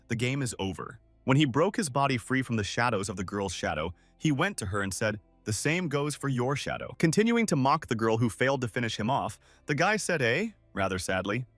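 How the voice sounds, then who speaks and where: A man's voice: medium pitch, fairly bright tone, no room sound. A man narrating a comic recap in a storytelling manner, reading quotes in line with the story. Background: faint music.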